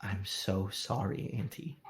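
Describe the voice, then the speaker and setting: A man voicing a meek, remorseful young man who keeps stammering soft apologies in a tabletop game. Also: medium pitch, fairly quick, creaky, pitched below the performer's own voice, close to an everyday voice. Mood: apologetic.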